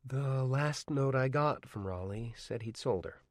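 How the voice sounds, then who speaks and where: A man voicing an older schoolteacher near retirement with a dry voice, formal, measured and reluctant, in a storybook reading. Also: medium pitch, dry recording, pitched above the performer's own voice, lightly acted.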